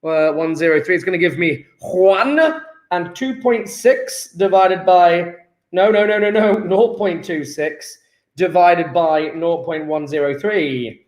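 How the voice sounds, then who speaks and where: A man's voice: high voice, measured pace, fairly bright tone. A man teaching a live online chemistry lesson, working through sums aloud in a chatty, joking way.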